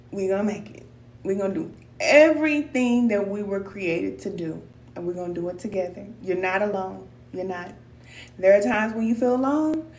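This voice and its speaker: A slightly mellow, mid-range female voice belongs to a spiritual teacher running a live stream. She speaks loosely and colloquially, encouraging her viewers, calling them cousin and repeating herself for emphasis. There's room echo, a distant mic and a faint hum.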